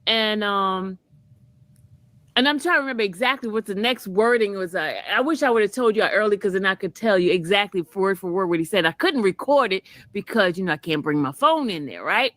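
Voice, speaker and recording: A woman's voice: medium pitch, expressive, brisk, a bit bright, no echo. A woman trial vlogger casually telling a story to her viewers, chatty and often laughing, calling them y'all.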